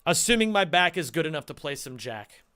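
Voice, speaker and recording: A man streaming casually, chatting to his viewers in an excitable, rambling way and swearing a lot. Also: fairly high pitch, a little fast, clean tone. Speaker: streamer and speedrunner. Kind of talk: casual live-stream chat.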